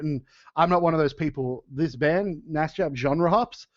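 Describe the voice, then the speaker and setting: A man's voice: a little high, moderate pace, dry recording. A man chatting casually on a podcast, laughing often and restarting his sentences. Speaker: podcast co-host and metal band singer. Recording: dull lo-fi sound.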